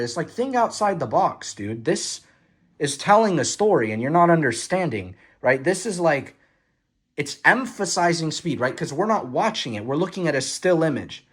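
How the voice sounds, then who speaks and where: A young man giving casual, excited commentary on film stills, swearing freely and full of fillers and restarts. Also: a little high, normal speed, slightly rough. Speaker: vlogger reviewing a film photo book. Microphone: phone.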